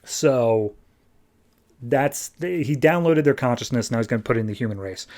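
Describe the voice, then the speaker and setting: A man's voice: mid-range voice, animated, a little mellow. Casual man recapping a comic. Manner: retells scenes in quick, loose quoted voices. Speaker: podcast host.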